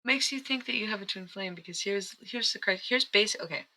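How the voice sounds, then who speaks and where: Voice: mid-range voice, a little fast, sharp tone, poor audio. A live-stream psychic and astrology reader talking in a casual, rambling, chatty way, often breaking off mid-sentence. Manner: rambling, chatty, self-interrupting.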